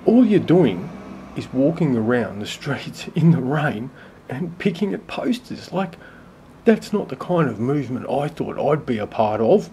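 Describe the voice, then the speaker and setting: A man's voice: medium pitch, sing-song, mellow, a little hiss or hum. Rambling, sweary Australian man. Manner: rambling, sarcastic, swearing, halting. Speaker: vlogger. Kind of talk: casual profane rant to camera.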